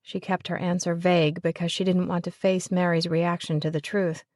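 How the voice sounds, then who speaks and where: A woman narrating a romance audiobook in an even, measured way. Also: on the low side, dry recording, clean studio sound. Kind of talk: scripted narration of a romance novel.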